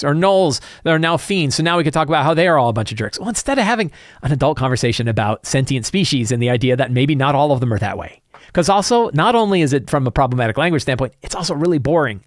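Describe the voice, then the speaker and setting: Animated man giving RPG commentary. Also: fairly high pitch, quick pace, no room sound, studio quality. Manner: animated, opinionated, restarts often. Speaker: show host.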